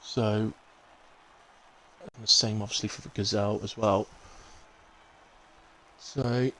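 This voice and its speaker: A man's voice: on the low side, little pitch movement, takes it slowly, bright, forceful tone, slight background noise, poor audio. A man with a Bristolian accent giving live, casual commentary on a racing league, chatty and rambling as he fills the gaps with asides. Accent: Bristolian English. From Bristol, England.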